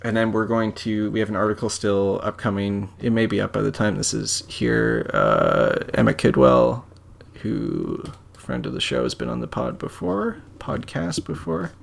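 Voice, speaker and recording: Gravelly, low-voiced man chatting. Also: very animated, normal speed. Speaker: podcast co-host. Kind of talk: casual chat.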